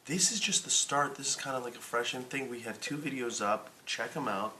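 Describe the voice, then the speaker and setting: A man's voice: medium pitch, brisk, sharp tone, a little hiss or hum. A man co-hosting a casual podcast, rambling earnestly and swearing freely. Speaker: podcast co-host.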